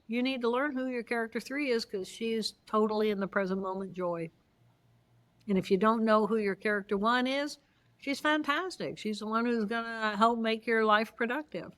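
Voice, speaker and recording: A woman, a guest expert, telling stories in an interview and playfully acting out the voices of people in them. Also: on the high side. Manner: acts out voices, playful, expressive. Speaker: guest neuroanatomist. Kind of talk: animated interview storytelling.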